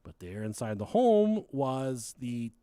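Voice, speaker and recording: A man's voice: mid-range voice, big pitch swings, takes it slowly, dark tone, clean tone, dry recording, clean studio sound. A man hosting a podcast, chatting casually about a true crime case, joking and swearing as he tells it. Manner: joking, swears, quotes people in silly voices. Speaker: podcast host.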